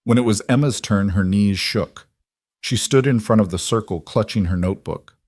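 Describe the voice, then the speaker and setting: Steady male storyteller, low-pitched, dry close recording. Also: normal speed, dry recording. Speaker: narrator. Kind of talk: scripted story narration.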